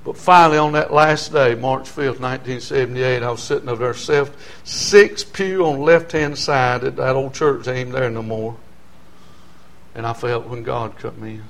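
An older man, a pastor preaching a sermon in a folksy way, with loud shouted passages and quiet asides. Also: mid-range voice, steady tone, moderate pace, vocal fry.

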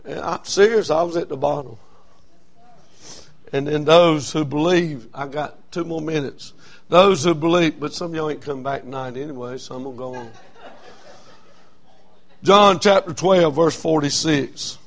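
A man preaching a sermon as a Baptist pastor, telling a story that swings from quiet and low to loud and raised. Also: fairly even intonation, moderate pace.

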